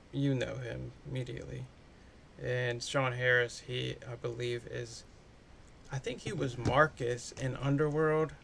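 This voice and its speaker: A man's voice: mid-range voice, gravelly, fairly bright tone, slight background noise. A man doing a casual, chatty movie review, loose and full of swearing.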